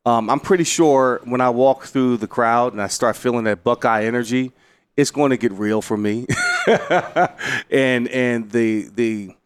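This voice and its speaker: Middle-aged male coach, interview storyteller, average pitch, excitable, laughs and belts out the quotes. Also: unhurried, smooth, no room sound. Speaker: head coach and former player.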